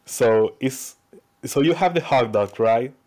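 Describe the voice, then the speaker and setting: A man's voice: mid-range voice, lively intonation, slow, a little mellow. A man from Chile, a guest on a podcast, chatting casually and plainly.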